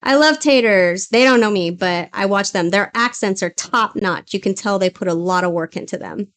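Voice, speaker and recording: A woman's voice: medium pitch, normal speed. A woman co-hosting a livestream, chatting casually and reading out viewer comments. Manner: relaxed, reads out viewer comments. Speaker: livestream co-host reading chat. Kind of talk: casual chat.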